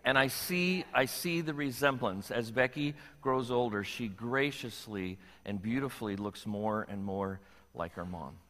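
A man's voice: mid-range voice, a little slow, fairly bright tone. An older man preaching a sermon as pastor, playful and joking with his congregation. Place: church sanctuary. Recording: long reverb of a church hall.

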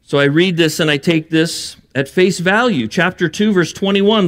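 A man's voice: high voice, normal speed, few pauses, a bit bright. A man preaching a sermon, earnest and building to emphatic bursts, with joking asides. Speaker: pastor.

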